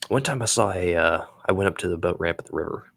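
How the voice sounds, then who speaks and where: Deep gravelly husky man. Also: animated, quick pace, fairly bright tone. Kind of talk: casual live-stream chat.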